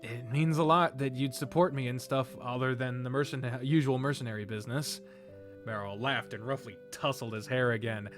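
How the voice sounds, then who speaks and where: A man's voice: medium pitch, steady tone, moderate pace. Man reading a game aloud, faint music. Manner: profane reactions, laughing asides. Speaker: let's play host. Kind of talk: reading a visual novel aloud.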